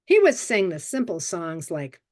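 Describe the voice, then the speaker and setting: A woman in her seventies telling a personal childhood story at a story swap event, vivid and expressive. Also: lowish voice, a little slow. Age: 70s.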